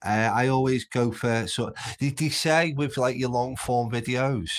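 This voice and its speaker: A man's voice: mid-range voice, fairly even intonation, measured pace. A man from Birkenhead with a Merseyside accent, chatting casually and rambling on his home livestream. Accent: Merseyside (Scouse-like). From Birkenhead, England. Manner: rambling, chatty, easily sidetracked. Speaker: livestream host.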